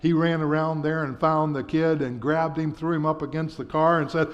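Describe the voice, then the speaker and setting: A man preaching a sermon, telling a story in an earnest, measured way in a church sanctuary. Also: a little high, fairly even intonation. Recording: dull sound with long church reverb.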